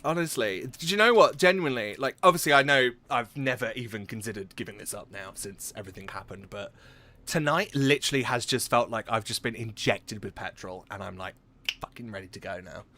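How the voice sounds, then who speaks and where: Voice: medium pitch, fairly quick, bright, forceful tone. A game streamer, talking live in an effusive, exclaiming way and swearing freely.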